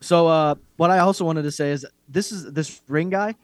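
A man's voice: a little high, moderate pace, dry recording. Blunt, mocking podcast co-host man. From Irish heritage. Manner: blunt, profane, mocking rants. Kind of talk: casual MMA chat.

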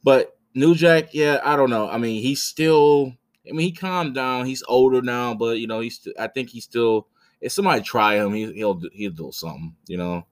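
A man's voice: mid-range voice, normal speed. A man in his thirties hosting a podcast, telling a story casually with blunt, profane, rambling talk full of restarts. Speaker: podcast host.

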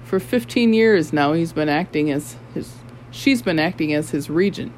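A blustering male ship captain, quick to complain and quicker to panic, as an audiobook narrator puts him on. He speaks in an agitated, exclaiming way at a middle pitch. It is a storybook character read aloud. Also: animated, a little hiss or hum, close to an everyday voice, poor audio. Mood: grumbling.

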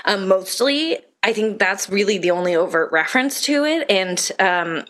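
Female podcast co-host, talkative and casual, leans on fillers, medium-pitched voice. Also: expressive, normal speed, few pauses, a bit bright. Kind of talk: casual chat reviewing an album.

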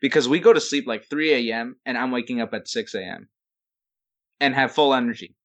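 A man's voice: medium pitch, brisk, fairly bright tone. A man hosting a podcast in casual chat, joking and teasing his co-hosts. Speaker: podcast host.

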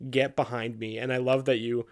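A man's voice: medium pitch, little pitch movement, fairly quick, darkish tone. A man co-hosting a podcast who leads the discussion with questions in a chatty, upbeat way. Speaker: podcast co-host. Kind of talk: casual theological discussion.

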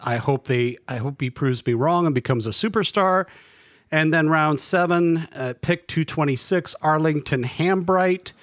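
A man's voice: a little high, measured pace, a bit bright, dry recording, clean studio sound. A man co-hosting a casual sports podcast, hesitant, often restarting his sentences while he reviews picks. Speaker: podcast co-host.

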